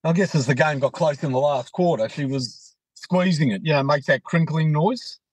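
An Australian man co-hosting a casual chat show, telling an animated anecdote. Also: fairly high pitch, moderate pace, dry recording, rough recording. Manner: animated anecdote teller, acts out quotes. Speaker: co-host.

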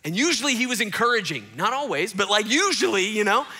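A middle-aged pastor preaching a sermon from a church stage, telling stories with big swings between loud bursts and hushed asides. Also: male voice, high-pitched, lively intonation, quick pace.

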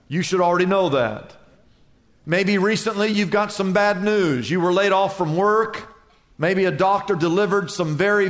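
Man, pastor, sermon, dramatic delivery, high voice, reverberant hall. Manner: dramatic, acts out worried voices and Jesus's calming words. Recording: echoey hall with long reverb.

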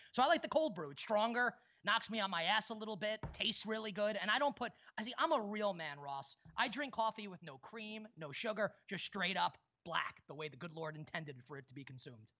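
A man's voice: high-pitched, sharp tone, dull audio. A man co-hosting a casual sports podcast over a video call, teasing his guests and swearing freely. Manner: teasing, joking, profane. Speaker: podcast host.

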